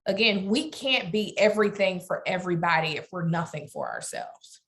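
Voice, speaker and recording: A woman's voice: fairly low pitch, very animated, moderate pace, gravelly, a bit bright. A middle-aged woman with a Southern US accent from Alabama, speaking earnestly as a guest in an interview. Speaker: guest lawyer. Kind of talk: interview conversation.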